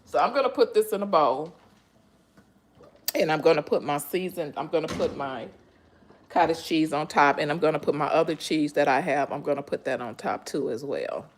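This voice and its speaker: A woman talks to her viewers live while she cooks in her home kitchen. Her voice sits a little low, and she calls out to them as y'all. Her speech is emotional and full of breathy exclamations. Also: moderate pace, a little hiss or hum. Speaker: cooking channel host. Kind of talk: live-stream cooking chat.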